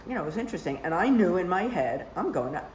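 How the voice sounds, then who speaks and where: A woman's voice: fairly low pitch, big pitch swings, fast, darkish tone, a little hiss or hum. An older woman telling long, rambling personal stories in casual conversation, with many "you know" asides. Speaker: storyteller guest. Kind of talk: casual storytelling. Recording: roomy echo.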